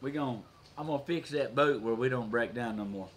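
A man with a Southern US accent hosting a casual livestream, folksy and quick to laugh as he chats with viewers. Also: mid-range voice, a little hiss or hum. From Georgia, USA. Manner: folksy, laughs often, reads out viewer comments. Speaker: livestream host. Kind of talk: casual live chat with viewers.

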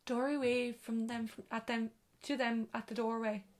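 A woman's voice: on the high side, little pitch movement, moderate pace. A woman reading a children's storybook aloud, with occasional slips and self-corrections.

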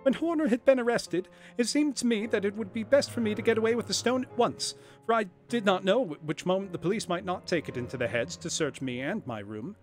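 A man voicing a frightened young male thief who pleads and stammers in a high, shrill voice. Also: animated, a little fast, hardly any pauses, faint music behind. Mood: anxious.

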